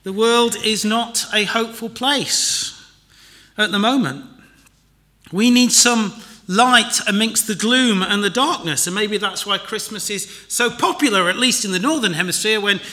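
A man's voice: high voice, a little slow, sharp tone. A man giving a chatty church sermon and notices, with wry, self-deprecating asides. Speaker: preacher.

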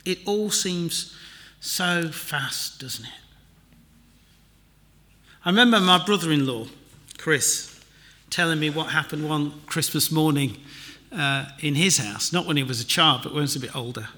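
Bright, high-voiced preacher. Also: male voice, measured pace, long pauses. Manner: chatty and self-deprecating, wry asides. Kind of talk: sermon with notices. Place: church.

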